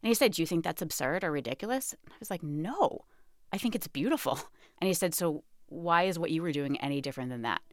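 A woman's voice: sits low, lively intonation, fast talker, no echo, studio quality. A woman guest telling her story in an interview, candid and self-mocking, laughing often. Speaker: author and guest.

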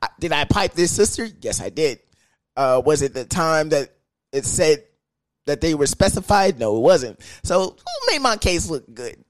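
A young man talks loosely on his podcast, with a voice that moves a lot in pitch and sits fairly high for a man. His delivery is crude and comedic, and he keeps jumping into high sing-song bits. The sound is close and dry, with no room around it. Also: wildly swooping pitch, normal speed, dry recording. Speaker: podcast host. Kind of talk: casual comedic podcast monologue.

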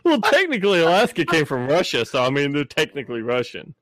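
A man's voice: a little high, huge pitch swings, fast talker, a bit bright, dry recording. Southern guy shooting the breeze, cusses a lot, laughs easy, dry close sound. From Southern United States. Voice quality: profane, blunt, laughs often. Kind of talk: casual chat.

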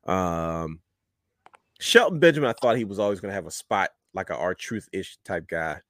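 Man, podcast host, casual rambling chat, low pitch, dry. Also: lively intonation, normal speed, fairly bright tone, no echo. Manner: rambling, calls listeners brother.

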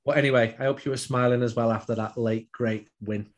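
A man's voice: mid-range voice, fairly even intonation, fairly quick, highs cut off. Chatty man on a football podcast. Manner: chatty, self-deprecating, repeats words when starting. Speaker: podcast regular, football writer. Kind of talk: casual chat.

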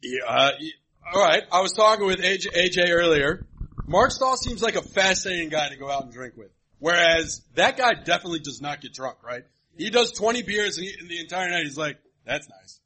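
A man riffing on a live podcast with a high, bouncy voice that swings all over its range. His tone is bright and a little husky, and he keeps slipping into mock exasperation and playful cursing. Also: a little fast, rough recording. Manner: animated, joking, mock-exasperated. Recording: live show audio.

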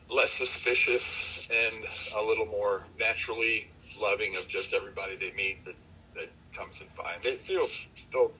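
A man who breeds dogs, talking as an interview guest in a relaxed, rambling way, with plenty of fillers and restarts. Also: lowish voice, a little hiss or hum, poor audio. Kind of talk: casual storytelling in an interview.

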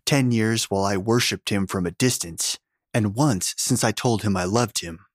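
A man's voice: fairly low pitch, moderate pace, dry recording, clean studio sound, natural voice. A man reading a story, voicing a grieving, determined young woman who speaks in a tight, strained voice. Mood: strained, defiant.

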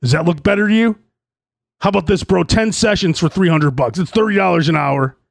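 A man's voice: sits high, brisk, creaky, no room sound. A man voicing a pushy male personal trainer doing a hard sell, pleading and wheedling and calling everyone bro.

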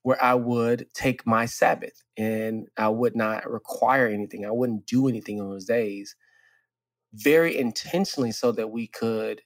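A man in casual podcast talk, animated and candid, who laughs easily and leaps up in pitch when quoting himself. His mid-range voice sits on a dry, close mic. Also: moderate pace, no echo. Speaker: podcast co-host.

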